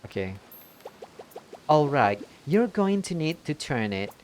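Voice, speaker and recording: A woman's voice: low voice, very animated, takes it slowly, darkish tone, slight background noise. A woman streaming a video game, chatting playfully and reading the in-game dialogue aloud. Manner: playful, mock-outraged, reads in-game lines aloud.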